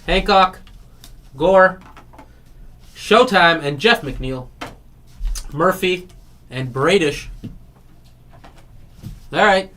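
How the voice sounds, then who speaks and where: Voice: mid-range voice, drawn-out words, pauses often, a bit bright. A card break host in casual live-stream chat, talking loosely and laughing often while retelling comedy bits.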